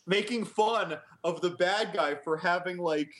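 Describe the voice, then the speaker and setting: Male podcast co-host, slightly high voice, meandering casual riffing. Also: a little slow, fairly bright tone. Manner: rambling, hesitant, laughs at own riffs. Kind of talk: casual chat.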